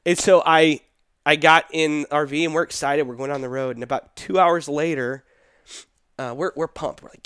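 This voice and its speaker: A man's voice: a little high, steady tone, moderate pace, a bit bright, clean tone, no room sound. A young man, a pastor, telling a personal story in casual conversation, acting out the dialogue and laughing often.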